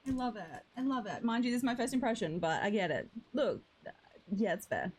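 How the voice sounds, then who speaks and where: Young woman, game streamer, bright-pitched and animated, chatty and affectionate. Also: fast, a little hiss or hum, rough recording. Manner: chatty and affectionate, greets viewers as "lovely" and "darling". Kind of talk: casual live-stream chat.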